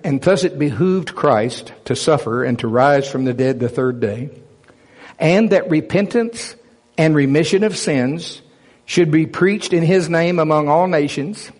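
A man's voice: a little high, moderate pace, a little mellow. Emphatic man preaching a sermon. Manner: emphatic, asks the audience rhetorical questions; reads scripture aloud in King James wording. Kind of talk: sermon teaching.

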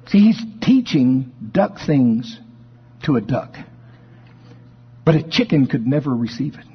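A male preacher giving a sermon and telling a folksy story in an animated way. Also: mid-range voice, measured pace, pauses often, husky. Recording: dull sound with long hall reverb.

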